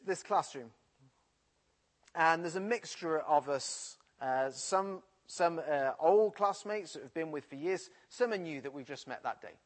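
A man from the English Midlands with a Midlands accent, preaching and telling a personal story from his school days. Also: on the high side. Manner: storytelling, animated retelling.

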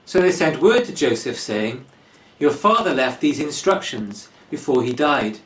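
Male preacher, slow and deliberate, lively pitch, heard from a distance in an echoey church. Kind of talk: sermon.

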